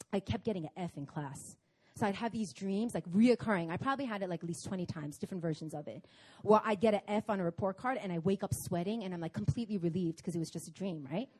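A young woman preaching at a prayer meeting, telling a personal story in an animated, chatty way. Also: medium pitch, fast talker. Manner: animated, chatty storytelling with laughs and acted-out quotes. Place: church meeting hall in Korea.

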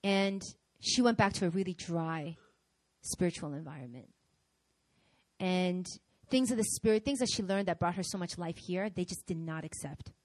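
Woman pastor, middle-aged, lively sermon delivery, dry close sound. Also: lowish voice, moderate pace, no echo. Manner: animated, acts out quoted voices.

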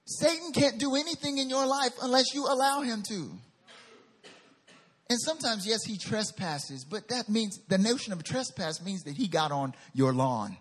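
A man from North Carolina with a Southern accent, preaching a lively sermon as pastor and speaking directly to his congregation. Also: very high-pitched, moderate pace.

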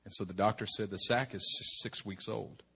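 Man, pastor, storytelling sermon, animated, bright tone, slightly husky. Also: fairly low pitch, moderate pace. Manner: animated, self-deprecating, chuckles between phrases.

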